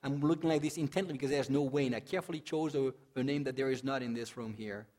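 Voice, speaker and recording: A male pastor giving a sermon in a conversational way, asking the congregation questions, joking, and reading scripture dramatically, swelling loud and dropping soft. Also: medium pitch, fast. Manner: conversational preaching with rhetorical questions and humor.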